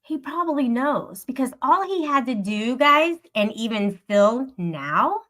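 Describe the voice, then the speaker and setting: A woman's voice: high voice, very animated, a little slow, fairly bright tone. A woman livestreamer venting to her live chat, upset and swearing in an aggrieved rant. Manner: aggrieved, profane ranting.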